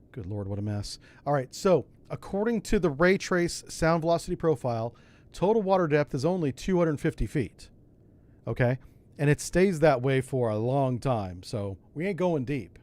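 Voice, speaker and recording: A man's voice: mid-range voice, a little mellow. A man giving casual commentary as he plays a submarine game, talking himself through each step in a folksy way with asides. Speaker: streamer playing a submarine game.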